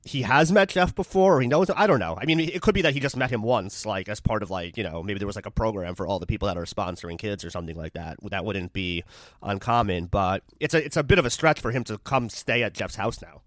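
A man's voice: lowish voice, quick pace, no echo, clean studio sound. A man co-hosting a podcast, chatting casually and musing aloud with lots of hedges. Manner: thoughtful, musing with hedges and fillers. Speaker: podcast co-host. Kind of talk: casual chat.

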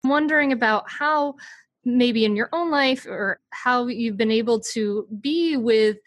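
A woman hosting a podcast interview, asking questions in an affirming, soft-spoken way. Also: on the high side, a little slow, no room sound, clean studio sound. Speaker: podcast host.

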